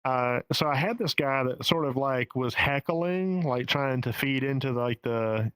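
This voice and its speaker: A man's voice: mid-range voice, a little slow, few pauses, a bit bright, clear, resonant tone, dry recording, low-quality recording. Candid Southern man with a dry sound. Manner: candid and profane, with frequent restarts. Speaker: stand-up comedian guest. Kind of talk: casual podcast interview. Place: home in the Pacific Northwest.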